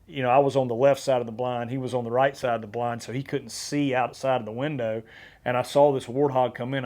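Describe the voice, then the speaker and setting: Animated male podcast host telling a story. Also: medium pitch, fast talker. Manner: energetic, animated storyteller with frequent restarts. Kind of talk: casual storytelling chat.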